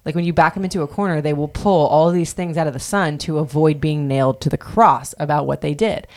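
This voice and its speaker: A woman's voice: sits low, brisk, a little mellow. A woman in her forties hosting a casual podcast, talking bluntly and swearing freely as she rants. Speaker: podcast host.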